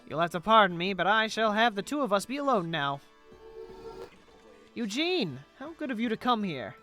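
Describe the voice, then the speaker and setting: A man voicing an ancient, enormous sea spirit in a formal, measured, old-fashioned way, reading game dialogue aloud. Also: high-pitched, bright, forceful tone, pitched above the performer's own voice.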